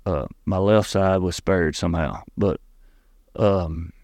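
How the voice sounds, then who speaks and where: A middle-aged man with a Southern Tennessee drawl and a fairly low voice tells a personal story as an interview guest. He speaks earnestly and haltingly, stopping to restart and repeat words. The sound is dry and close. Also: darkish tone, dry recording.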